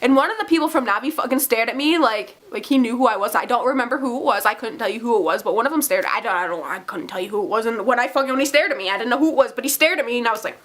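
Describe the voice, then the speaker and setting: A young woman telling a story in a casual vlog, rambling and excitable, full of fillers, her voice jumping up when she acts out her own reactions. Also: on the high side, racing, few pauses. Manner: excitable, many "like"s, swearing, squeals when acting out her reactions. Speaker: vlogger.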